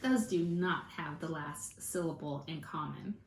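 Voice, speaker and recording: A woman teaching a children's phonics lesson, slowly and encouragingly drawing out each word for her students to repeat. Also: sits low. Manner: slow, encouraging, drawn-out word modeling. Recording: echoey room with faint hiss.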